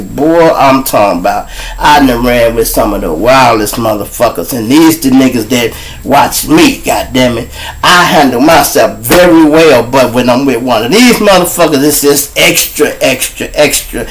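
A man hosting his own show, telling profane street stories in an animated way. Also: on the high side, low-quality recording. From Chicago. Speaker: show host. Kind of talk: storytelling monologue.

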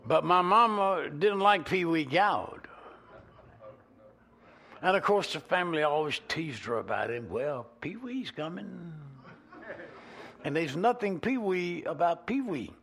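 Folksy Georgia-accented preacher. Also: male voice, fairly high pitch, unhurried. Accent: Southern US, Georgia. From Georgia, USA. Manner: animated, folksy, swings between loud and soft. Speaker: pastor. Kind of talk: sermon with folksy storytelling.

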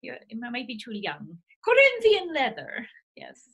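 Bright, high, swoopy saucy grandma, a woman doing the voice for an improv comedy bit. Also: wildly swooping pitch, unhurried, creaky, slightly rough, heavily acted. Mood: reminiscing. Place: home video call.

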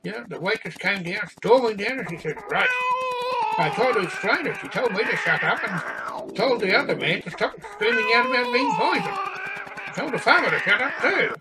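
A man's voice: sits high, very animated, fairly quick, over loud music, low-quality recording. A man telling a rambling comic story, exasperated and meandering. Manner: meandering, exasperated, doing the other people's voices.

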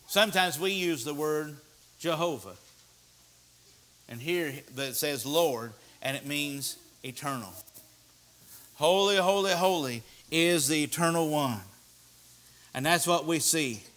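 Bright-voiced man preaching a sermon. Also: a little high. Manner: earnest, repeats key words, asks the audience questions. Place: church.

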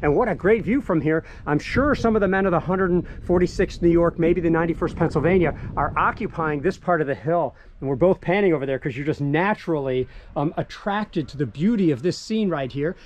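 A battlefield tour guide with a slightly high, brisk male voice leads an outdoor walking tour on a hillside, eagerly pointing out the sights. He's recorded on a body-worn action camera, with slight background noise.

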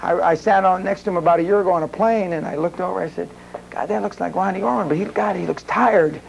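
A man's voice: sits high, fast, creaky, slight background noise, low-quality recording. A man speaking at a seminar, telling a long rambling story to a live audience with many restarts and fillers. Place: seminar room.

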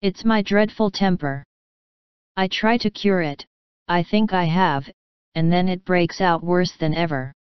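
A woman's voice: on the low side, unhurried, clear, resonant tone, no room sound, lo-fi sound, lightly acted. A woman voicing a remorseful, hot-tempered teenage girl who pleads through tears in a storybook reading. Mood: despairing. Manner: pleading, tearful.

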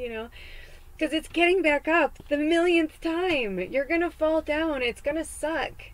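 A woman's voice: high-pitched, brisk, low-quality recording. A woman in her forties hosting a psychic reading podcast, talking in a candid, rambling way, swearing freely and close to tears. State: tearful, close to crying. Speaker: psychic medium host. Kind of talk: casual spoken tarot-style reading podcast.

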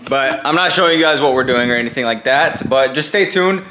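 Bright-toned young man chatting to camera. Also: medium pitch, brisk, a little hiss or hum. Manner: rambling, many fillers like "like" and "you know". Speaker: family vlogger. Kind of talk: casual vlog talk to camera.

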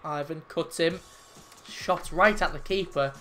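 A man's voice: fairly high pitch, unhurried, bright, forceful tone. A man talks over his own football video game as he plays. His commentary is emotional and full of swearing, and it spills into rants when things go wrong. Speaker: gaming YouTuber.

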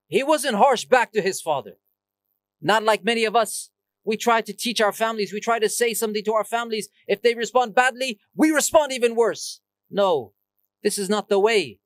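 A man's voice: sits high, fast, fairly bright tone, no room sound. A male preacher giving a Friday sermon in a mosque, switching between chanted Arabic verses and English explanation.

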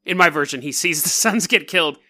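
A man hosting a casual storytelling podcast, talking in an animated, jokey and digressive way. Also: on the high side, a little fast. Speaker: podcast host.

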